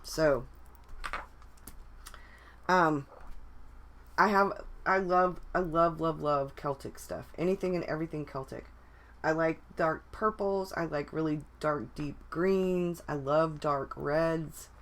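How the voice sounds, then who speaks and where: A woman's voice: sits low, slow pace. A woman in a casual live chat, talking in a rambling way with many restarts and fillers. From United States. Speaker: vlogger.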